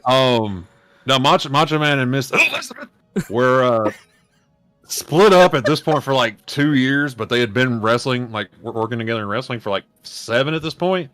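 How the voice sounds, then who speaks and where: A man's voice: medium pitch, lively intonation, normal speed, a bit bright, no room sound, soft background music. Rambling male podcast host. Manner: rambling, self-correcting. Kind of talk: casual chat, reading aloud.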